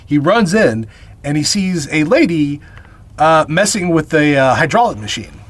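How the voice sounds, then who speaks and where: A man's voice: fairly high pitch, animated. Wry man in casual podcast chat. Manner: wry, quick joking asides. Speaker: podcast co-host. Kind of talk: casual movie recap chat.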